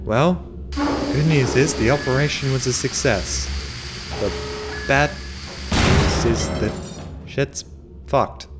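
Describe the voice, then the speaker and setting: A man's voice: mid-range voice, slow pace, long pauses, very noisy. A man giving profane, joking commentary while playing a horror game, yelping when startled. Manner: profane, jokey, yelps in surprise. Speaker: let's play host. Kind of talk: gaming commentary.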